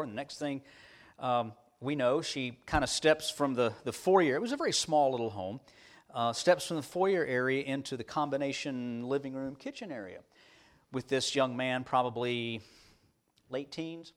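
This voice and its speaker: A man preaching a sermon, telling stories in a folksy way with many restarts. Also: medium pitch. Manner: animated, folksy, with repeated restarts. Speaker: pastor. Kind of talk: storytelling sermon.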